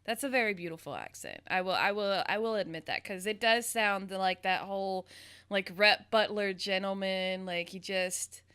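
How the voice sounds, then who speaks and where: A woman's voice: medium pitch, big pitch swings, normal speed, hardly any pauses, fairly bright tone, clear, resonant tone. A woman from the American South hosting a casual interview, bubbly and giggly. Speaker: podcast host, interviewer.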